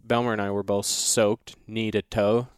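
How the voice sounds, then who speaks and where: Hunter, a male podcast guest, rambles through a drawn-out story, casually restarting again and again. He speaks at a fairly low pitch with a flat delivery, and his clear, resonant voice comes through a dry, studio-quality recording.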